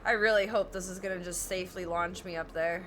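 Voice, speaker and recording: A woman's voice: on the low side, fairly even intonation, brisk, a bit bright, a little hiss or hum. A woman streaming a video game, chatting casually, swearing freely and breaking into laughing shrieks. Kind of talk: casual gameplay chat.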